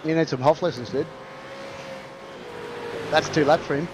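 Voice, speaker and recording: An Australian man hosting a show, trading quick jokes and teasing the others in casual banter. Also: fairly high pitch, fairly even intonation, slight background noise. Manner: joking, teasing, quick-fire.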